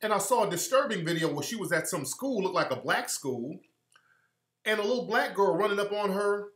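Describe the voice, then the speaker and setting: A man hosts a heated live stream from home, preaching his points and repeating them for weight. His voice sits a bit high and comes out bright and forceful. The webcam mic picks up a roomy echo. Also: expressive, a little fast.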